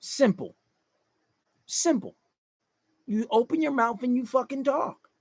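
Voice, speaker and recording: A man's voice: extremely high pitch, normal speed, no echo. A man giving dating advice in a casual livestream monologue, blunt and profane, lecturing and acting out quoted voices.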